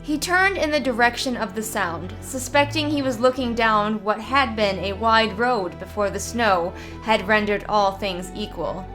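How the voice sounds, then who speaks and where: A woman reading a fantasy short story aloud in a steady, measured narrating voice. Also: medium pitch, over music. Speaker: story reader.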